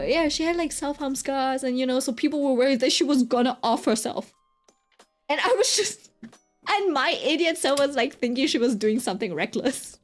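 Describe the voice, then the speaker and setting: A woman streamer telling a story in a casual, rambling way, full of fillers and constant "right?" check-ins. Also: sits high. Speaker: streamer chatting while drawing.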